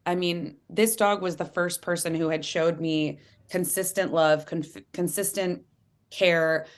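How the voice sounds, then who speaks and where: A woman author being interviewed, talking earnestly and animatedly and acting out quotes in lively voices. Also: on the low side, measured pace. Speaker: author and guest. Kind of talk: candid interview conversation.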